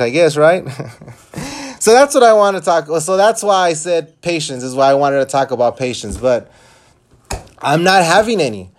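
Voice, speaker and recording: A man's voice: a little high, animated, moderate pace. A young man venting in a rambling, frustrated way, swearing often as he tells his story. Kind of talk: casual vlog rant.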